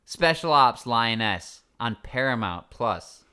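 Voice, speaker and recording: A man hosting a casual chat show, his voice sitting at an ordinary middle pitch. He keeps things playful and joking, trading banter and rattling off promos with an upbeat lift. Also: lively intonation, takes it slowly, pushed and bright, clean tone. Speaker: podcast host.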